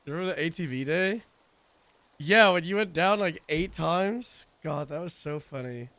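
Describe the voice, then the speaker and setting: A man's voice: a little high, moderate pace, a bit bright. A young man streaming, chatting loosely between game radio calls, laughing and swearing. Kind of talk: casual chat over game radio.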